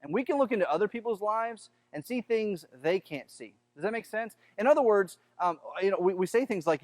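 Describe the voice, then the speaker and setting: Conversational Southern pastor, high voice. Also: male voice, expressive, brisk, hardly any pauses, dry recording. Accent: Southern American. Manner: conversational, repeats words, acts out quoted voices. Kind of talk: sermon.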